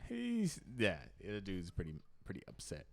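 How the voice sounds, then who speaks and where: A man co-hosting a sports podcast, relaxed, asking questions and teasing his partner. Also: deep voice, normal speed, gravelly. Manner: laid-back, asks questions and teases. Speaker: podcast co-host. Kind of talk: casual sports chat.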